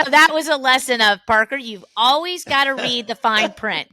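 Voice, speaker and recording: A woman co-hosting a podcast, telling family stories in a lively, chatty way and laughing often. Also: high-pitched, normal speed, hardly any pauses, dry recording, clean studio sound. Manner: animated storyteller, laughs often. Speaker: podcast co-host. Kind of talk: casual family chat.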